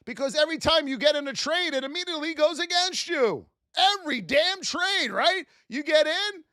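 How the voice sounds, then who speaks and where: A man's voice: very high-pitched, animated, normal speed, hardly any pauses, pushed and bright, no room sound, clean studio sound. A man teaching a live trading class, speaking animatedly to his chat and acting out traders' frustrated self-talk. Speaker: trading instructor.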